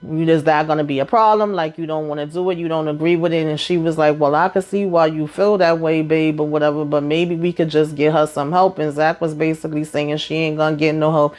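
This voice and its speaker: A woman, chatting through a TV episode recap. She retells scenes in a loose, animated way, jumping into the characters' lines and leaning on fillers as she goes. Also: sits low, a little fast, few pauses. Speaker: TV recap host.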